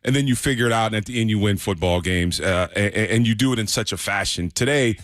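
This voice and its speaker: A man's voice: on the low side, fast, fairly bright tone, dry recording, clean studio sound. A man co-hosting a sports talk radio show, speaking in an easygoing way with many restarts. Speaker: radio co-host.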